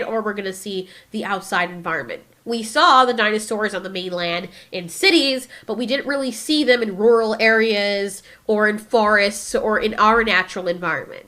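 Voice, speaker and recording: A woman hosting a casual, opinionated film discussion, acting out scenes as she goes. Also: on the high side. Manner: opinionated, animated, acts out dinosaur lines. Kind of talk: casual commentary.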